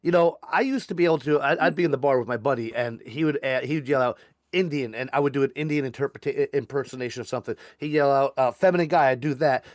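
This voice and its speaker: Fast-talking exasperated man. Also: medium pitch, no room sound, studio quality. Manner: rapid, exasperated, storytelling. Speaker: debate participant. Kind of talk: heated online debate.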